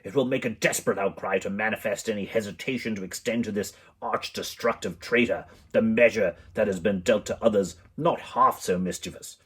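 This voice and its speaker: A man's voice: lowish voice, fairly quick, hardly any pauses, breathy edge. An Irishman doing a pompous sneering official. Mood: indignant. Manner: loud, indignant, sneering. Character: pompous arrogant official, man.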